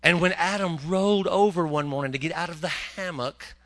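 Male preacher, folksy and joking, bright slightly high voice, acts out bits. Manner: folksy, joking, acts out characters in quick asides. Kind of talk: humorous sermon.

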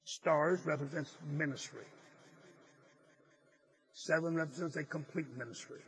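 A male preacher with a fairly high voice preaches a sermon. He tells his story earnestly and leans hard on key phrases. Now and then he stumbles and restarts his words. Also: a little slow, a bit bright, low-quality recording. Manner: some stammered restarts.

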